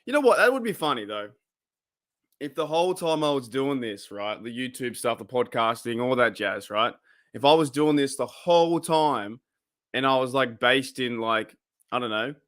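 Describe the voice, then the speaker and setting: Talking into his webcam, a young Australian man hosts a casual fan podcast, chatty and slangy, laughing at himself. His voice is medium in pitch with a fairly bright tone.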